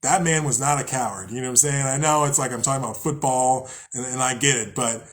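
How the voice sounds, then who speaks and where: A man's voice: mid-range voice, fast, fairly bright tone. A young man hosting a podcast, talking casually and loosely about spirituality, swearing often, laughing at himself and sometimes acting out angry voices. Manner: rambling, profane, laughs at himself. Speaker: podcast host.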